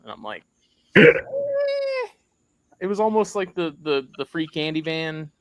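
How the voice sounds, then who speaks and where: A man's voice: on the high side, animated, unhurried, fairly bright tone, clear, resonant tone, poor audio. A man co-hosting a podcast, telling rambling stories in casual chat and acting out the people in them. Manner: rambling storyteller, acts out quoted people. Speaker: podcast co-host.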